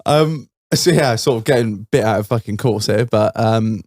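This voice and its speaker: A man's voice: fairly low pitch, normal speed, a little mellow, no room sound, clean studio sound. A man hosting a podcast in casual chat, joking along, swearing freely and laughing with his guest. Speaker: podcast host.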